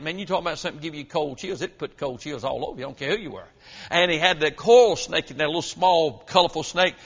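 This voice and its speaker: A man preaching a sermon, telling stories in a folksy way that swings from loud to hushed. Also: on the high side. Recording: muffled, reverberant hall.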